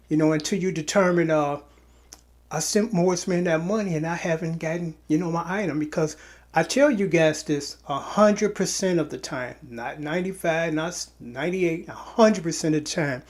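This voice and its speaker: This vlog comes from a weary online seller who runs his own channel and speaks directly to buyers on camera. He hasn't slept much and rambles, restarting and repeating phrases. His voice is fairly high with a darkish tone.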